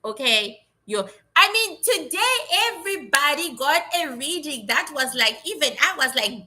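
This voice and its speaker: A woman psychic medium chatting casually, telling animated stories from her readings in blunt, salty language. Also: high-pitched, a little slow. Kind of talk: casual livestream chat.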